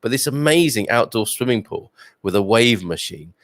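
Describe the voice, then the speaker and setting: A man's voice: mid-range voice, animated, moderate pace, dry recording, studio quality. A man hosting a casual livestream from home, reading out viewer comments in a chatty, jokey way with plenty of ums and uhs. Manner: chatty and jokey, many fillers. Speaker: livestream host. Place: home with a wood stove.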